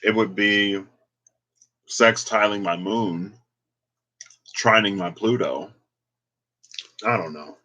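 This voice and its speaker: Slow, bright-voiced man reading tarot. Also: fairly low pitch, highs cut off. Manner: rambling, chatty, unsure of himself. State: emotional, on the verge of tears. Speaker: tarot reader. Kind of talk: casual tarot reading vlog.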